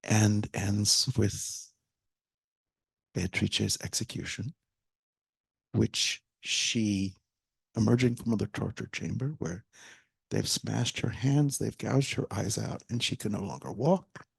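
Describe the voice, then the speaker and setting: Taking things slowly with long pauses, a theater director speaks as a guest before a live audience in a library event hall, his fairly low voice slightly rough and marked by vocal fry. He animatedly retells a story, acting out quotes and sometimes dropping almost to a whisper. No echo can be heard.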